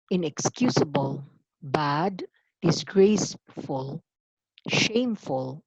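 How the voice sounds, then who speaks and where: A woman giving a formal orientation lecture, deliberate and emphatic, stressing key words. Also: low-pitched, darkish tone, husky, dry recording, highs cut off. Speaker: university anti-harassment office coordinator.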